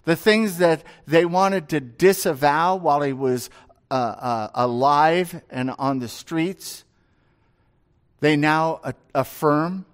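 High-voiced, unhurried male preacher. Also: clear, resonant tone. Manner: deliberate, asks the congregation rhetorical questions. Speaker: pastor. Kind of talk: expository sermon.

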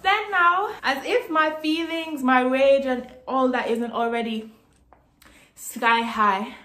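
A young woman tells her story to camera in a bright, high voice, exasperated and swearing as she vents. Her delivery is animated and casual. The recording carries a noticeable room echo. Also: slow pace. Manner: indignant, animated, swears freely. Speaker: vlogger telling a story. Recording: roomy echo.

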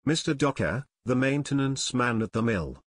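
A man's voice: mid-range voice, lively intonation, normal speed, dry recording, studio quality, natural voice. A man voicing Ken, a shy, earnest teenage boy who sounds a little hesitant.

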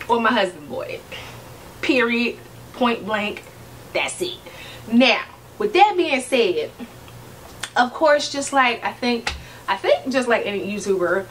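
A woman's voice: on the high side, a bit bright, far from the mic, slight background noise, rough recording. A woman, chatting casually to camera as a vlogger, sassy and laughing often.

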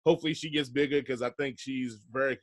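A man hosting a podcast in relaxed, slangy casual chat, laughing often. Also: mid-range voice, fast talker. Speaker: podcast host.

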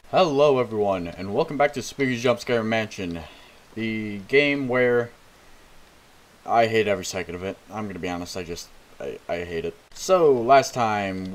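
A man's voice: lowish voice, animated, normal speed, poor audio. Jittery, profane man playing a horror game. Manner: profane, jittery, self-mocking. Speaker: gaming video host. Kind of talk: horror game let's play commentary.

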